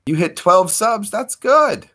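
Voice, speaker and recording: A man's voice: sits high, big pitch swings, slow, bright, forceful tone. A man hosting a casual live stream from home, chatting with viewers, greeting them by name and laughing easily.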